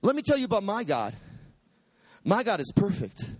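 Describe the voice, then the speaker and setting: A male preacher delivers his sermon in a high, lively voice that leaps up and down. He quotes scripture with dramatic flair and climbs to shouted peaks. The sound is dry and close, with no room echo. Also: normal speed. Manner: preaching with soaring pitch and sudden shouted peaks.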